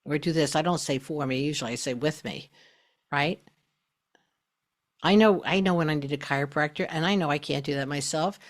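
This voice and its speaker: Emphatic chatty woman, low-pitched. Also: fairly quick, pauses often. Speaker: host. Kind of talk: casual spoken talk on self-love.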